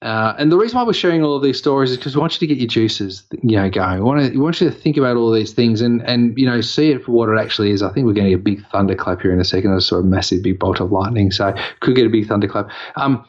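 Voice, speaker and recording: A man's voice: lowish voice, fast talker, few pauses, highs cut off. A man with an Australian accent, casually telling a long personal story on a podcast, rambling with fillers and restarts. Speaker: podcast co-host.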